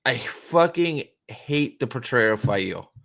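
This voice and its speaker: A man's voice: medium pitch, animated, a little slow, creaky, fairly bright tone. A young man hosting a show review, giving profane, exasperated, sarcastic reaction commentary as he watches an episode.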